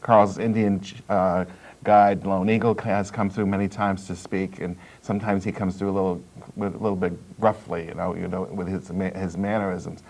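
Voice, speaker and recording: A man's voice: sits low, flat delivery, normal speed, gravelly, a little mellow. A man guesting on a talk show, earnestly explaining and recounting experiences in a storytelling way. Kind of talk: studio talk show discussion.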